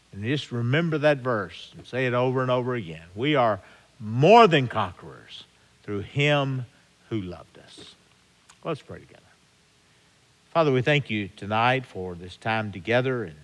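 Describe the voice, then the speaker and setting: A male pastor delivers a Bible study sermon at an unhurried pace with a lively, swinging pitch. He builds to loud, emphatic rhetorical questions. The voice rings out with long reverb, as if in a church sanctuary.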